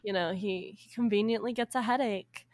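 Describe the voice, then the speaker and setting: In a medium-pitched voice recorded with no room sound, a young woman tells a friend a folk tale in a relaxed, chatty way. She laughs frequently and briefly acts out the characters with quick voices.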